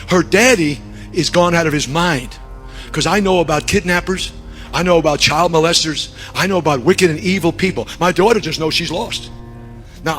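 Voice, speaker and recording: Animated high-voiced preacher. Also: male voice. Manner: animated, shifts from hushed to shouting. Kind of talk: storytelling sermon.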